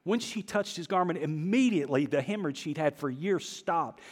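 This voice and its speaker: Male pastor, mid pitch, animated sermon storytelling, church hall echo. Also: normal speed. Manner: animated storytelling, acting out voices, swings from hushed to loud. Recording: long reverb of a large hall.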